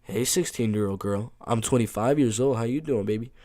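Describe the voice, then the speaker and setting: A man doing a low drawling fighter impression. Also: brisk, dark tone, natural voice. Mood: sleazy drawl.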